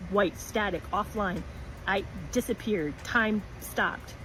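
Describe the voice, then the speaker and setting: A woman telling a personal story in an earnest, halting way, with many restarts. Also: mid-range voice, a little hiss or hum, low-quality recording.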